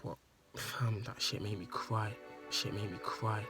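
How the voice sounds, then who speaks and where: A man's voice: on the low side, steady tone, unhurried, music in the background. A man telling an emotional story in a rambling, profane monologue that repeats itself. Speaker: vlogger.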